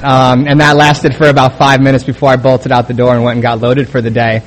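Young man, recovery testimony, monotone delivery with lots of ums and false starts, faint hiss under the voice. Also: mid-range voice. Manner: halting, many fillers and restarts. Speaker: speaker sharing a recovery story. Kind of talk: personal testimony.

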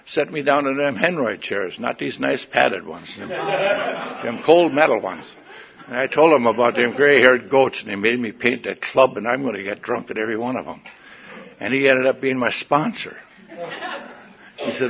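A man's voice: medium pitch, normal speed, vocal fry, muffled recording, slight background noise. An older man giving a folksy, wry personal testimony at a meeting, in front of an audience. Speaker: recovery meeting speaker.

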